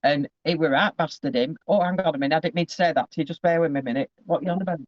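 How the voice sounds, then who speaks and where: A man's voice: a little high, racing, no echo, muffled recording. A man giving a casual psychic reading over a video call, rambling and often breaking off with asides.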